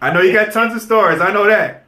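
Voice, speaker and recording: A man's voice: high-pitched, quick pace, bright, forceful tone. A man hosting a casual interview, an eager listener who keeps agreeing and chiming in. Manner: agreeable, eager listener with frequent backchannels and laughter. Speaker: interview host. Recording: roomy echoey room.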